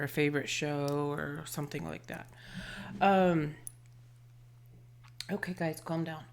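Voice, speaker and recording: A woman giving an intuitive tarot and charm reading, gentle and affectionate, often trailing off into soft murmurs. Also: sits low. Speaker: tarot reader and channeler.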